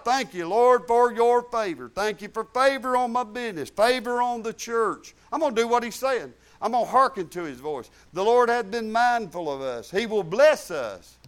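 A middle-aged man preaching a sermon in a folksy, emphatic way, repeating phrases for stress. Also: extremely high pitch.

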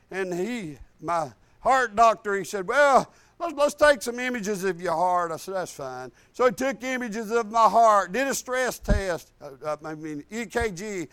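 An older man preaching a sermon, telling a funny personal story in a folksy, humorous way with low asides. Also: fairly bright tone, no room sound.

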